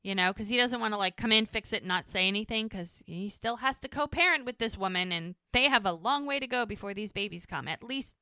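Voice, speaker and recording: A woman's voice: medium pitch, brisk, hardly any pauses, bright, forceful tone, no room sound, studio quality. A woman co-hosting a podcast, chatting casually as she recaps an episode and acts out the characters' lines. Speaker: podcast co-host.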